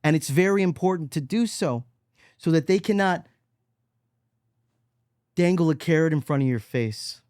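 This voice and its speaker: A man hosting a solo podcast monologue, preachy and emphatic, swinging between loud mockery and low, quiet intensity. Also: animated, normal speed, long pauses, clear, resonant tone, dry recording, clean studio sound. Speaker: podcast host.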